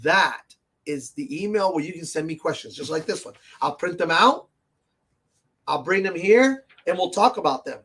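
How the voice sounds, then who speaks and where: A man with a high-pitched voice hosts a laid-back tabletop gaming chat. He rambles, gets carried away with excitement and laughs a lot, talking from a comic and game shop. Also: normal speed, slightly rough. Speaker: host of a tabletop gaming show. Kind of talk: casual live stream chat.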